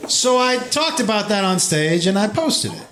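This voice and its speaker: A man tells a crude, exasperated stand-up story in a high, swooping voice. He rants and acts out quotes on a comedy club stage. The room echoes, and loud crowd laughter rolls in behind him. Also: normal speed, heavy background noise. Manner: animated storytelling with acted quotes. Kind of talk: stand-up routine. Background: loud audience laughter.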